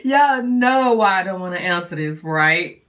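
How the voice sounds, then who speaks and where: A woman's voice: on the low side, expressive, unhurried, fairly bright tone, far from the mic. A woman, telling candid stories and laughing often in a long-winded Q&A chat. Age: 40s. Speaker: vlogger. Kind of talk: casual Q&A chat.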